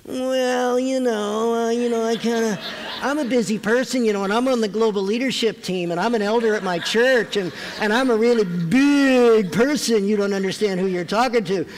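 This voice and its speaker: A man's voice: high voice, moderate pace, slight background noise, pitched above the performer's own voice. A man doing a pompous self-important big shot. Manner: pompous, hesitant. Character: self-important man listing his titles. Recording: echoey hall.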